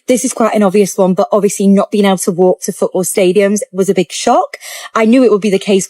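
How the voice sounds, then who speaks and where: A woman's voice: medium pitch, a little mellow, no echo. English woman, reporter, chatty vlog delivery, dry mic. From England. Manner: chatty, measured, listing observations. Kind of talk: casual vlog to camera.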